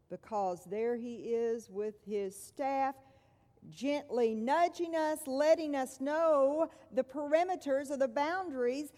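A woman preacher giving a sermon in a church, measured and deliberate, sinking to a hushed voice to stress key words. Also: on the high side. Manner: measured, dropping to soft hushed tones for emphasis. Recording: long reverb in a large hall.

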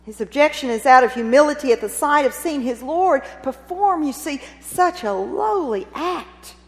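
Expressive woman preaching in a reverberant hall. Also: sits high, normal speed. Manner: expressive, dramatic storytelling with rhetorical questions. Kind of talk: sermon retelling a Gospel scene. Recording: long reverb of a large hall.

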